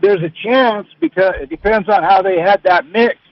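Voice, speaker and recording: A man calling in to a radio show, speaking in a halting, hesitant way with many fillers. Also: high voice, no echo, lo-fi sound. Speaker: caller. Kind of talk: phone-in conversation.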